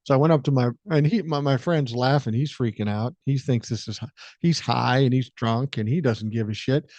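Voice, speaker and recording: A man's voice: medium pitch, moderate pace, darkish tone, no room sound. An older man with a Minnesotan accent hosting a solo podcast, telling a profane story and acting out the quotes. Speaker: podcast host. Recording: dry, slightly dull podcast mic.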